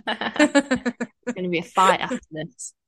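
A young woman co-hosting a podcast chats casually in an easygoing, teasing way, quick to laugh. Her voice is on the high side, expressive, fairly bright, and slightly rough, recorded with studio quality and no room sound.

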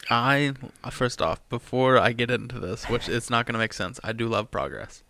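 A man's voice: medium pitch, moderate pace, pushed and bright. A young man from the United States co-hosting a podcast, ranting sarcastically in casual chat. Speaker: podcast co-host.

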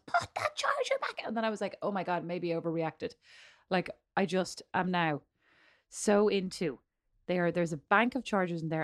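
A middle-aged woman with an Irish accent co-hosting a podcast in casual chat, teasing and rambling, laughing often. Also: lowish voice. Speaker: podcast co-host.

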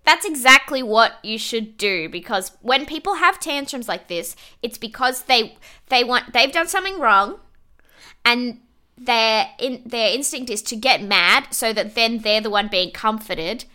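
A woman's voice: a little high, animated, measured pace, bright, forceful tone, clear, resonant tone. A woman co-hosting a podcast, recapping a reality show in casual chat, laughing often and swearing freely. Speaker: podcast co-host.

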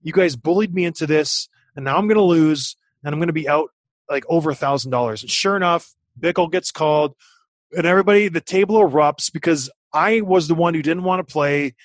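A man in his thirties telling a story in casual chat, animated and acting out what people said. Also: fairly high pitch, brisk, no room sound. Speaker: podcast guest, former hockey player.

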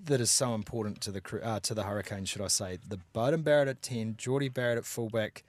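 A man's voice: on the low side, fast. Opinionated New Zealand man talking rugby. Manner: animated, opinionated analysis. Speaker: podcast co-host. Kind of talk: casual rugby chat.

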